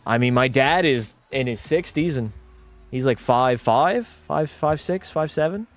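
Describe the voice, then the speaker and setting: A young man streaming a hockey video game live, commentating excitedly, swearing and chatting with viewers. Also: mid-range voice, unhurried, soft background music.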